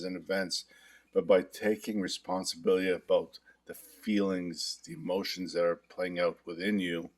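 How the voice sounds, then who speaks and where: A middle-aged man guiding a self-help tapping session, speaking in a calm, confessional way with repeated affirmations. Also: deep voice. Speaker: hypnotherapist demonstrating tapping. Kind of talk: guided self-help demonstration.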